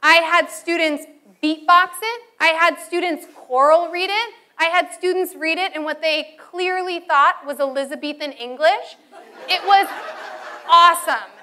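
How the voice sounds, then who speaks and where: Woman teacher, high bright voice, lively storyteller acting out her classroom anecdotes. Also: a little slow, some chatter behind. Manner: animated storytelling, acts out students and calls. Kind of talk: teacher training talk.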